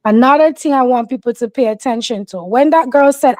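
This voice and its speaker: A woman's voice: high voice, brisk, a little mellow, dry recording. A woman giving casual, opinionated commentary, emphatic and insistent, acting out the voices of people she quotes.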